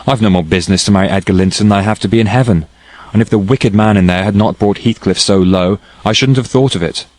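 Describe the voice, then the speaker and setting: A headstrong young woman pours out her feelings in a declaiming, impassioned rush, as a man reads her part in an audiobook. The voice sits a touch higher than his own deep, low register. The recording is dry and close, with no room around it. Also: fast, a little mellow, no room sound, lightly acted, poor audio. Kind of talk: audiobook character reading.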